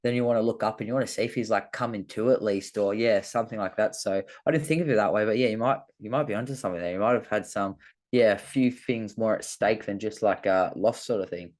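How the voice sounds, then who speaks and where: A man's voice: fairly low pitch, fast, darkish tone. A man chats casually as a fighter guest. He rambles loosely and leans on "like" as a filler, stringing loose thoughts together. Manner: rambling, heavy use of "like" fillers. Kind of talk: casual chat.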